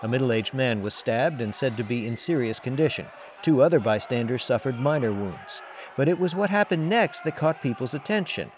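Male radio correspondent, measured scripted delivery, mid-pitched, faint street sound behind. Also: a little hiss or hum. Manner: measured, even newsreader delivery. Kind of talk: scripted news report.

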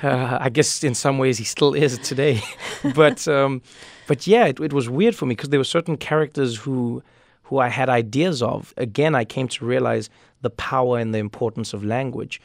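A man from Africa, a comedian giving thoughtful, animated interview answers in his thirties. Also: mid-range voice, moderate pace, gravelly, no room sound, clean studio sound. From South Africa. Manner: thoughtful, animated, frequent restarts. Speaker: comedian and talk show host as guest. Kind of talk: reflective conversational interview answers.

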